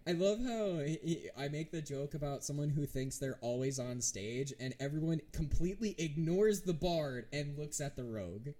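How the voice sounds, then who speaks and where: A man's voice: on the high side, normal speed, hardly any pauses, mellow. A man narrating a tabletop game as game master, talking casually with frequent restarts. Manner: hesitant, many restarts and fillers.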